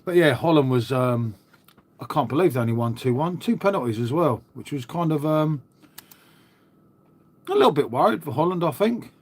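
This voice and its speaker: A middle-aged man talks casually to his livestream viewers, matey and rambling with plenty of "um"s. His voice sits a little higher than most men's. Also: lively intonation, normal speed, long pauses, darkish tone. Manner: chatty, matey, peppers talk with "mate" and "um". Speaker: livestream host. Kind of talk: casual live chat with viewers.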